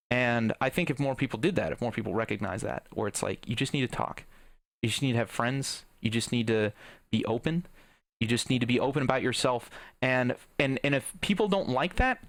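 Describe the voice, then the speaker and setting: A man's voice: mid-range voice, a bit bright, dry recording. A young man ranting casually into a desk microphone at home, earnest and profane, full of fillers and restarts. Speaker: YouTuber host. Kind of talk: casual rant to camera.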